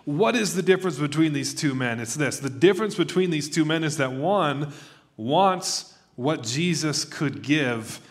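A man's voice: fairly high pitch, measured pace. Conversational man preaching a sermon. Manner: conversational, animated, acts out quoted voices. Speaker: pastor.

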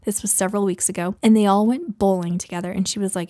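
A woman's voice: medium pitch, steady tone, fast talker, hardly any pauses, a little mellow, no echo, studio quality. A woman in her thirties hosting a casual solo podcast, chatting and telling stories about her kids, laughing often. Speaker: podcast host.

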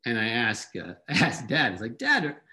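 A man telling a personal story in a conversational, animated and wry way. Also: lowish voice, moderate pace.

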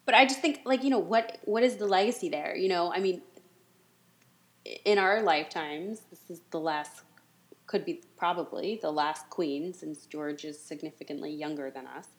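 A woman co-hosting a podcast in casual chat, animated and quick to speed up, with frequent chatty asides. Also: on the low side. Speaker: podcast co-host.

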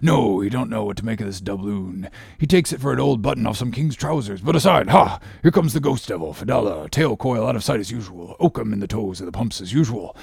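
A man playing an excitable gravelly sailor. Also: on the low side, fairly quick, few pauses, no echo, clean studio sound, exaggerated voice. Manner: gossipy running commentary, exclamatory. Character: jeering, excitable sailor mate. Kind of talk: audiobook character reading.

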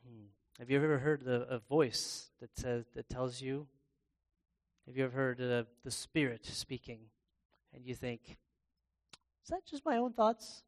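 A man preaching a sermon in a conversational way, pausing and restarting as he reads scripture aloud. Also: medium pitch. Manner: bursts into loud, excited acted-out exclamations.

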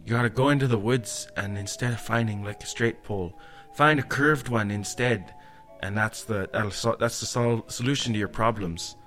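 A man's voice: on the low side, normal speed, few pauses, a bit bright, faint music behind, lightly acted. A man voicing a tiny, clever, helpful weasel who talks in a chatty, bargaining way. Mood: friendly.

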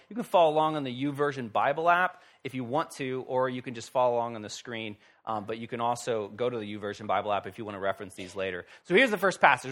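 A man pastor giving a sermon in a conversational, lively way with wry humor. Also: a little high.

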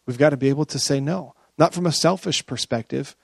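A man's voice: on the high side, a little fast, gravelly, no room sound. A man preaching a sermon as a pastor, chatty and often checking in with his listeners. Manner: conversational, often checks in with the audience.

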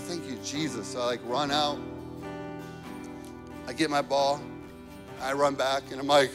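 A man preaching a sermon, telling personal stories and rising to fervent, passionate delivery. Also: on the high side. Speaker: pastor. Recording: music playing behind. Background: worship band instruments.

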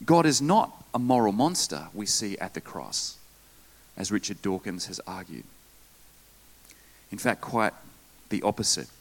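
Male pastor, animated Sunday sermon, jokey asides. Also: lowish voice, measured pace, slight background noise. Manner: lively preaching with asides and jokes.

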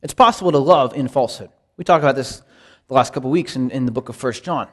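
A man teaching a Bible study in a conversational sermon style, earnest and emphatic, with lively rises when quoting scripture. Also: medium pitch, fast talker.

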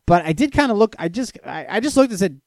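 A young man from Florida rambles through stories and chat questions, cursing freely. His pitch swings widely as he gets worked up, and the sound is dry and close with no room echo. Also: fast talker. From Florida, USA. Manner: profane, storytelling, lively swings in pitch and loudness. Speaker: streamer answering chat questions.

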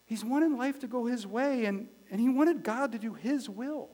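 A pastor with a high-pitched male voice delivers a conversational sermon. He moves between loud, emphatic declarations and quiet, hushed moments, repeating phrases for weight. His voice rings out with a long reverb, as if in a large hall. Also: normal speed.

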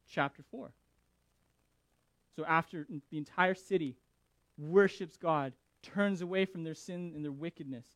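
A male pastor preaching a sermon, animated and emphatic with dramatic pauses. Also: a little high, no echo.

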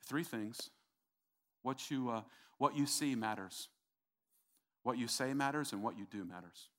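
Man, middle-aged pastor, emphatic repetitive preaching, mid-range pitch. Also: measured pace, fairly bright tone. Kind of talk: sermon.

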